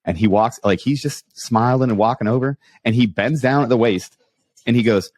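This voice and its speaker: A man hosting a podcast, telling animated anecdotes with many restarts and asking his guest questions. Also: mid-range voice, moderate pace, no echo. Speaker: podcast host. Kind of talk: casual storytelling interview.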